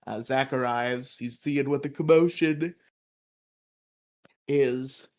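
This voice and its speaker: A man's voice: medium pitch, steady tone, slow pace, darkish tone. A man co-hosting a podcast and recapping an episode in a loose, casual chat, laughing often. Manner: laughs often, quotes characters in put-on voices. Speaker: podcast co-host.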